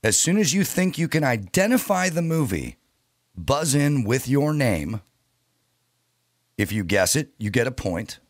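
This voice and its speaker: A man explaining the rules of a podcast game segment in a brisk, rule-reading way. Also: medium pitch, very animated, dry recording, studio quality.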